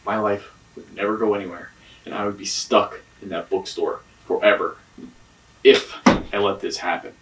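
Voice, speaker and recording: A man's voice: on the low side, fairly even intonation, normal speed, a bit bright, recorded from a distance, a little hiss or hum, close to an everyday voice, low-quality recording. An actor playing a defensive man questioned by police in a mystery game, talking evasively and swearing. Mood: guarded. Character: defensive, guarded young man under police interrogation.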